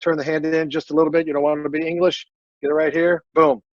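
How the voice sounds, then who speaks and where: A veteran man in a casual interview, speaking earnestly and haltingly with many fillers and repeated words. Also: a little high, level tone, dry recording, muffled recording. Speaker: military veteran guest.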